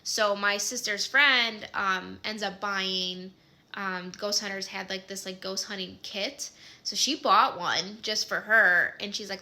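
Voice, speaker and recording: Midwestern woman, 30s, casual chatty storyteller, sharp bright voice, loose with fillers. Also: mid-range voice, steady tone, measured pace. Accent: Midwestern American.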